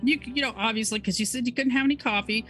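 A woman's voice: a little high, rapid-fire, a bit bright, soft background music. Friendly woman role-playing a captain. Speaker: player. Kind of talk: in-character tabletop role-play.

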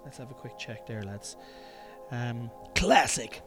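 Rambling, sweary Irish podcast host. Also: male voice, mid-range voice, animated, slow pace, soft background music. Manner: rambling, self-interrupting, sweary and chatty. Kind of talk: casual solo podcast monologue. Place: room at home.

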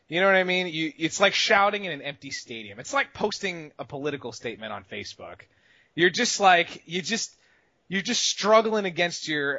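A man with a lively, forceful, bright voice chats casually on a podcast. He swings between loud, excitable bursts and quiet, muttered asides, and he swears freely. The sound is dry and slightly dull. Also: a little high, dry recording. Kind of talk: casual advice chat about gaming rage.

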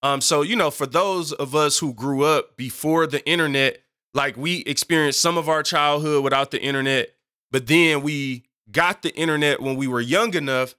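A man in his thirties preaching a sermon in an animated, conversational way, with many asides to the congregation. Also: fairly high pitch, normal speed, clear, resonant tone. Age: 30s. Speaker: pastor.

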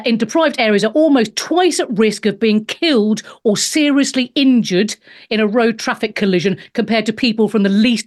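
A woman in her fifties, a stand-up comedian hosting a show, sarcastically reading out and mocking news headlines, swearing freely. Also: fairly high pitch. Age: 50s. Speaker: host.

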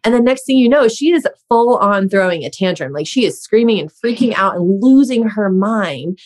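A woman's voice: medium pitch, expressive, moderate pace, darkish tone. A woman in her thirties hosting a conversation, chatty and self-deprecating, laughing often as she talks. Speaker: host. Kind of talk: casual podcast chat.

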